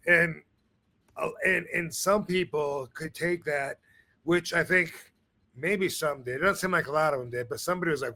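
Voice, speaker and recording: A man's voice: on the high side, normal speed, bright, forceful tone. A man hosting a podcast in casual chat, rambling with many fillers and restarts. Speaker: podcast host.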